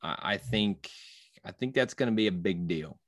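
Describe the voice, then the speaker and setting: A man co-hosting a podcast, chatting casually and excitedly, rambling with restarts and acted-out reactions. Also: lowish voice, moderate pace, no echo, studio quality. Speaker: podcast co-host. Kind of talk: casual fan discussion.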